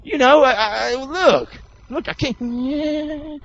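A male preacher, leading a sermon with call-and-response and swinging from loud exclamations to hushed asides in a folksy way. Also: very high voice, slow. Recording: dull lo-fi sound.

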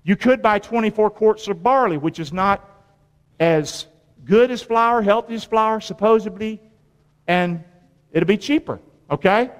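A man's voice: high-pitched, measured pace. A male preacher delivering a colloquial sermon, quizzing his congregation with call-and-response questions and repeating phrases for emphasis. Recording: long reverb of a large hall.

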